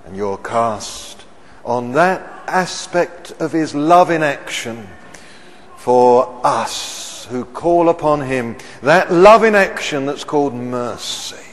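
A man preaching a sermon. He keeps asking the congregation questions and swells loud on the words he stresses. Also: a little high. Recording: reverberant church hall.

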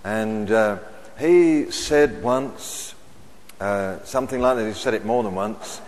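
A middle-aged man preaching a sermon, measured and emphatic, repeating his key phrases. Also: on the low side, a little mellow. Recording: long hall reverb.

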